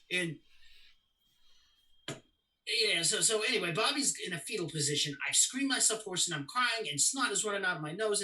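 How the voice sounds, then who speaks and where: A man's voice: high voice, heavily acted, low-quality recording. An actor playing a young man who recounts his father's death in a confessional, storytelling way during a stage play reading. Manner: confessional storytelling, swings to loud anguish.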